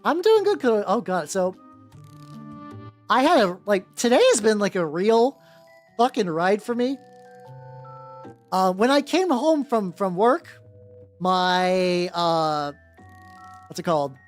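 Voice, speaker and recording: A woman's voice: mid-range voice, expressive, slow, pauses often. A young woman chatting casually on a livestream, rambling with lots of restarts and greeting her chat. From United States. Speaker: streamer. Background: faint background music.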